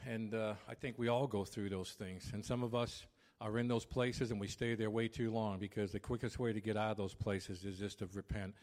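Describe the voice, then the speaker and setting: Loud fifties pastor guy, kinda low voice, tells stories and acts out the arguments. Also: fairly even intonation, fairly quick, hardly any pauses. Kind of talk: sermon.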